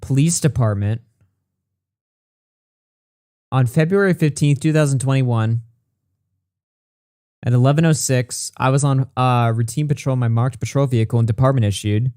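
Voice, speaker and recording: A man's voice: medium pitch, darkish tone, no echo, studio quality. Profane man reading messages aloud. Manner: blunt, profane, reads texts quickly. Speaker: commentary channel host.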